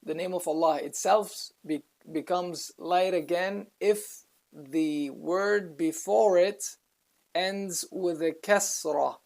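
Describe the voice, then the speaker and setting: Gravelly-voiced man teaching Quran reading. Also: high-pitched, darkish tone. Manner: patient, explains slowly, recites Arabic words between explanations. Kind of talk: step-by-step recitation lesson.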